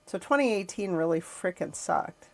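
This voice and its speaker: A woman's voice: on the low side, animated, moderate pace, gravelly, darkish tone. A middle-aged woman hosting a podcast, telling a personal family story in a reflective, emotional way with frequent sighs. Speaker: podcast host.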